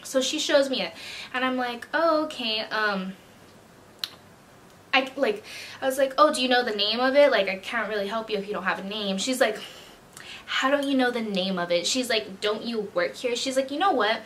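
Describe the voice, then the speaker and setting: A young woman with a slightly high voice tells a storytime straight to camera. She talks in a chatty, slangy way and acts out both sides of each exchange. There is a faint hiss of room noise behind her. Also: a bit bright. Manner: chatty slangy storytelling, acting out quoted customers. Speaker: vlogger and retail worker. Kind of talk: casual storytime chat.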